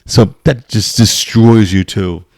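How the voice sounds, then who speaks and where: A man ranting casually to his camera, excitable and exasperated, with frequent restarts and bursts of swearing. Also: lowish voice, slow, gravelly, no room sound, clean studio sound. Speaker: vlogger.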